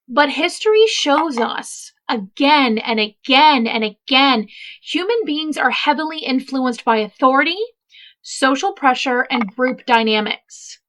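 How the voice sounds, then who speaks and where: A woman's voice: high voice, fairly bright tone. A woman hosting a casual true-crime commentary, chatty and emphatic, wandering off into asides. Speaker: host.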